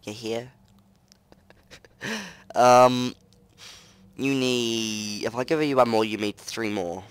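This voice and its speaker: Man, young, let's play commentary, close mic, mutters then shouts, mid-pitched voice. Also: slow pace, smooth, dry recording. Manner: excitable, muttering to himself between loud outbursts. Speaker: gaming commentator. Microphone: close desk mic.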